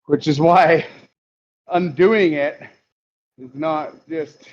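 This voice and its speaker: Joking stream host, lo-fi sound. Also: male voice, on the high side, fairly even intonation, extremely slow. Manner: jokey, explains while working. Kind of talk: casual chat while working in a workshop.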